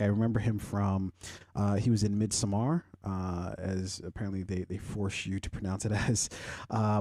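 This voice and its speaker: A young man hosting a podcast, chatting casually and rambling, swearing often and swinging into loud, animated rants. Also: fairly low pitch, no echo, studio quality. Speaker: podcast host. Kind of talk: casual pop-culture chat.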